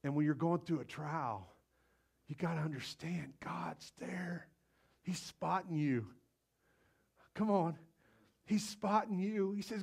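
A middle-aged man preaching a live sermon at a church service, energetic and exhorting, swinging between loud outbursts and low, quiet passages. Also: slow pace, gravelly, long pauses, husky. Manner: energetic, exhorting, calls out "come on". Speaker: pastor.

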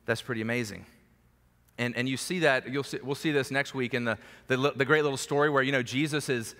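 A man preaching a sermon in a conversational, animated storytelling way, with sudden drops to a hushed voice. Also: a little high. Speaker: pastor. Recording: echoey hall reverb.

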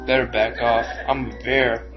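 A man's voice: mid-range voice, flat delivery, measured pace. A young man giving casual commentary as he plays a video game, frustrated and cursing at the enemies on screen. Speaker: let's play gamer. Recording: dull lo-fi recording. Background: game music.

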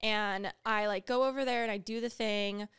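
A woman's voice: normal speed, clean tone, no echo, studio quality. A young woman co-hosting a podcast, chatting casually and telling stories with lots of acted-out quotes. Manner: animated storyteller, acts out quotes with big pitch jumps. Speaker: podcast co-host. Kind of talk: casual chat.

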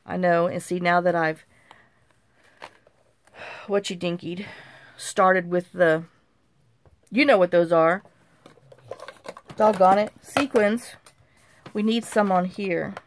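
A woman's voice: on the low side, steady tone, slow pace, long pauses, a little hiss or hum. A woman hosting a crafting video, chatting and telling a rambling story while she works on journal cards. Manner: rambling, repeats "I said" and "you know"; warm, gossipy and easily amused. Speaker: crafting channel host.

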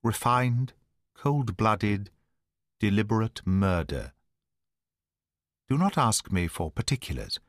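A man's voice: lowish voice, animated, takes it slowly, long pauses, no room sound, studio quality. A man voicing an intense, commanding male detective in an audiobook reading, speaking in urgent, clipped lines. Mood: grave.

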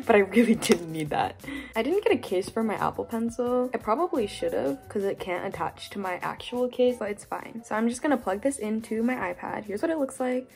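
A young woman chatting casually through an unboxing vlog at home, excitable and self-deprecating. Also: mid-range voice. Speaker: vlogger. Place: home workspace.

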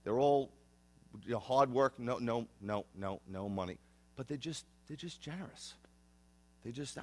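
A man's voice: medium pitch, measured pace. A man in his fifties, a rabbi, preaching a conversational sermon in an earnest way, often repeating and restarting phrases. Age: 50s.

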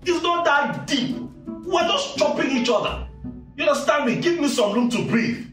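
A Nigerian office playboy. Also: male voice, very high voice, expressive, normal speed, reverberant, far from the mic, over music. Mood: pleading. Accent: Nigerian English. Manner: pleading with boss, scolding girlfriend. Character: Derek, cocky young office playboy. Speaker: actor. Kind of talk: Nollywood film acting.

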